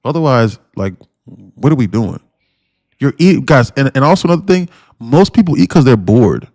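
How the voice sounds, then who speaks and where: A man's voice: mid-range voice, very animated, moderate pace, a little mellow, no room sound, clean studio sound. Blunt, rambling male stream host. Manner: rambling, slangy, repeats himself, blunt rhetorical questions. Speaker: day-trading livestream host. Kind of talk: casual livestream chat.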